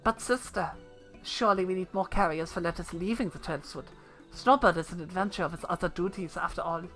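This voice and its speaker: A woman's voice: on the low side, fairly quick, fairly bright tone, faint music behind, close to an everyday voice. A woman voicing an earnest young man, the brother of a leader, reading game dialogue in a polite, reasoning way.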